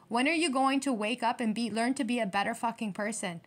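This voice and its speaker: A woman's voice: a little high, fairly quick, few pauses. A young woman doing a casual tarot reading, talking bluntly with heavy swearing and heated emphasis. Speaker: tarot reader.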